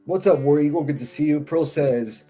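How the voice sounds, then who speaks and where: A man's voice: fairly high pitch, normal speed, warm tone, faint music behind. A man giving profane, taunting live-stream commentary, laughing often as he mocks. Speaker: livestream commentator.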